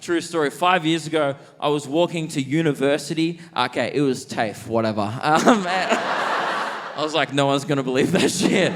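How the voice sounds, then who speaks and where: A man's voice: a little high, fairly bright tone. A young Australian man doing stand-up comedy in a theatre, rambling and self-mocking as he laughs at his own jokes. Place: large theatre on stage.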